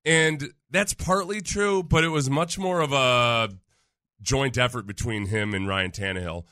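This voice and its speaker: Male sports talk host, jokey and rambling, bright tone, dry studio sound. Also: medium pitch, measured pace, no echo. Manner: joking, rambling, laughs often.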